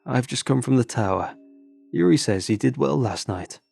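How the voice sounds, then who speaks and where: A man's voice: mid-range voice, expressive, normal speed, gravelly, darkish tone, breathy edge, soft background music, full character voice. A man voicing a friendly, easygoing Norwegian soldier with a Norwegian accent. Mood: cheerful. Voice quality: easygoing, cheerful.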